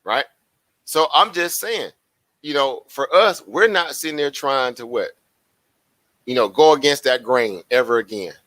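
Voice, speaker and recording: A man hosting a casual livestream, talking in an animated, preachy way and repeating his phrases. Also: mid-range voice, a little slow, no echo. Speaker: livestream host.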